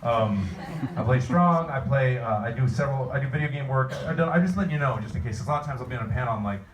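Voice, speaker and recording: This man rambles along at a convention Q&A, mid-pitched and chatty, stopping and restarting his sentences. he's caught from a distance in a big echoey hall. a faint hum of the room sits underneath. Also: lively intonation, fast talker. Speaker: voice actor, convention panel guest. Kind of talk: convention panel Q&A.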